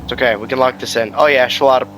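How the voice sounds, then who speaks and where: A man streaming ranked gameplay, commenting live and trash-talking with sudden shouts. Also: medium pitch, steady tone, rapid-fire, soft background music.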